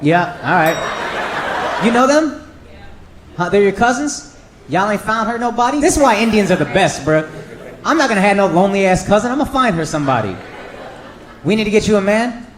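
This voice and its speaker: A man doing stand-up comedy and loud, slangy crowd work in front of a live audience. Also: high voice, a little fast, pauses often. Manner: loud, animated, slangy banter. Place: comedy club stage before a crowd. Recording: roomy live club sound with crowd noise.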